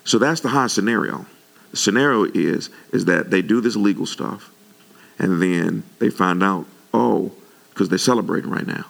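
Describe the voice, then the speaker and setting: A male pastor delivering an animated sermon, his pitch jumping up when he gets worked up. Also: moderate pace, creaky.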